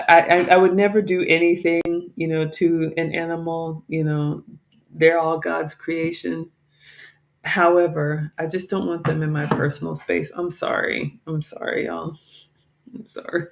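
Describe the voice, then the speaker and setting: Gravelly-voiced chatty Southern woman. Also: deep voice. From American South. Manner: chatty, apologetic, scattered, laughs often. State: tired. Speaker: vlogger, home cook. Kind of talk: casual live-stream chat.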